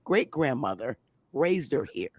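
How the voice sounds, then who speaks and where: A woman hosting a casual talk show, talking in an animated, emphatic way. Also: rumbling low, unhurried, breathy edge, dry recording. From Connecticut, US. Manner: animated, emphatic, exclaims loudly. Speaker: host.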